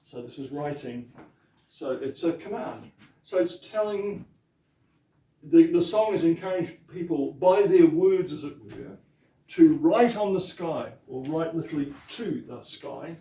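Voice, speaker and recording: A gravelly, slightly high-pitched man teaches a small group in a loose, chatty way, repeating words slowly so learners catch the sounds. His tone is mellow and dark. He sits away from the mic in an echoey room. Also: animated, distant mic. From New Zealand. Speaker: pastor teaching te reo Māori. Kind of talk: informal language lesson.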